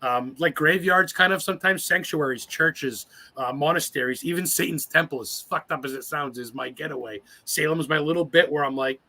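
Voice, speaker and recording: A man in his forties, appearing as a guest on a casual interview podcast, speaks fast in a slightly high voice with a bright, forceful edge. His stories wander, full of cursing and raw feeling.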